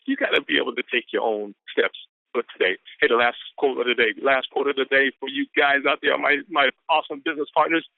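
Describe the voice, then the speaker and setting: A man's voice: mid-range voice, quick pace, vocal fry, dry recording. A man giving an exuberant, repetitive motivational pep talk on a business conference call, whooping often. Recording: tinny phone line.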